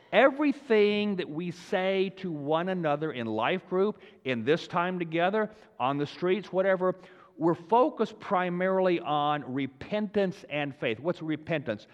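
A man preaching a sermon to his congregation in a conversational way, with many fillers and restarts, rising for emphasis. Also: a little high. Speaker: pastor. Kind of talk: sermon teaching. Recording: dull sound in a long-reverb hall.

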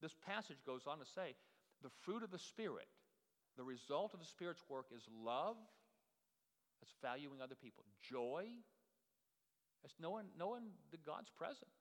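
Conversational pastor preaching in a reverberant hall. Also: male voice, fairly high pitch, animated, moderate pace. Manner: conversational preaching with many fillers and restarts. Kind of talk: sermon.

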